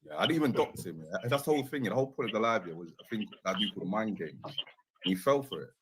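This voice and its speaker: Quick offhand host, lowish voice, noise behind him. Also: male voice, animated, fairly bright tone, low-quality recording. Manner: quick and offhand, says man and innit. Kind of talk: casual live-stream chat.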